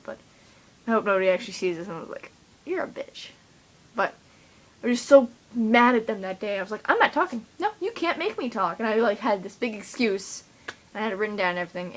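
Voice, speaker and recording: A teenage girl talks straight to camera in a loose, rambling monologue. She's chatty and giggly, and she slips into quick impressions of her friends. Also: medium pitch, poor audio. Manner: chatty, giggly, mimics friends in quoted voices. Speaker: vlogger.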